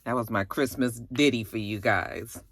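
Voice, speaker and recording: A woman's voice: a bass voice, moderate pace, dry recording. A woman reviewing a TV episode in a casual, chatty recap, acting out the characters' lines as she goes. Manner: chatty, animated retelling with acted-out quotes. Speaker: TV review vlogger.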